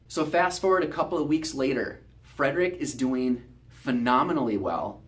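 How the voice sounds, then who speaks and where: A chiropractor telling a patient's story in a promotional video, talking in an earnest, conversational way. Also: male voice, medium pitch, normal speed.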